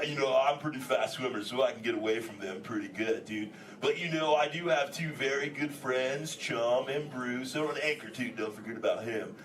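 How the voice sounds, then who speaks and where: A man's voice: mid-range voice, distant mic, close to an everyday voice. An actor playing a laid-back male sea turtle who talks like a surfer dude, chatting with the audience in a live theme park show. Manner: surfer slang, says "dude" constantly. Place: indoor theater with audience. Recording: echoey theater taped from the audience, crowd noise.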